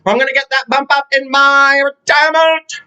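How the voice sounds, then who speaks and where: Stubborn older educator woman, brassy and high, played by a man for a comic story. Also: little pitch movement, moderate pace, pushed and bright, dull audio, soft background music, heavily acted. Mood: determined. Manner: brassy, indignant.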